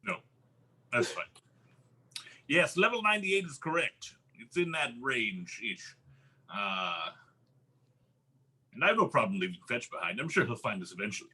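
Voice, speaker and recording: A man's voice: medium pitch, big pitch swings, normal speed, long pauses, sharp tone, husky. A man playing in an improvised tabletop game, wry and casual. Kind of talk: improvised tabletop role-play.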